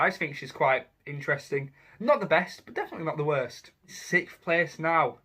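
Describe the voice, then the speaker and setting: A young man talks casually and eagerly, dropping slang as he ranks villains for his channel. His voice sits a touch high and rings bright and forceful. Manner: chatty, enthusiastic, slangy. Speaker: YouTuber. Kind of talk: casual ranking commentary.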